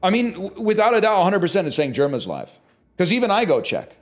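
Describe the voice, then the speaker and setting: A man's voice: sits high, fast talker. A man from Canada chatting live on his stream, ranting and swearing at his chat. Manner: animated, profane ranting to chat.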